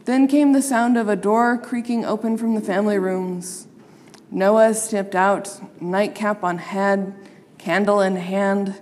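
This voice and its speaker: A woman reading a children's story aloud, expressive and playing up the sound words. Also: medium pitch, slow pace, big-room sound.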